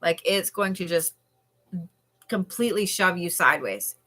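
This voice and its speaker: A woman doing a chatty, animated live-stream card reading as a tarot reader. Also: lowish voice, moderate pace. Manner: chatty and animated, with frequent laughs and yawns.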